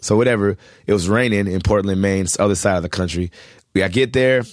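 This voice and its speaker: A man's voice: on the low side, quick pace, no echo, studio quality. A young man telling loose, laughing stories as a guest in a casual interview. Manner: loose storytelling, laughing, swearing. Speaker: guest, rapper.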